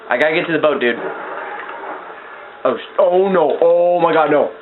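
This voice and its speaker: Excitable young man swearing at a video game. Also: a little high, normal speed. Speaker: gameplay commentator. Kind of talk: casual let's-play commentary. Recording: tinny lo-fi mic with noise.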